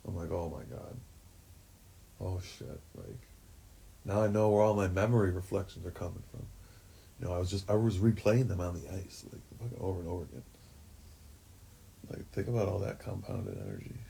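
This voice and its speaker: A man's voice: low-pitched, lively intonation, a little fast, creaky, pauses often, dark tone, a little hiss or hum. A man talking in a rambling, profane way, full of fillers, in a livestream monologue. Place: forest shack.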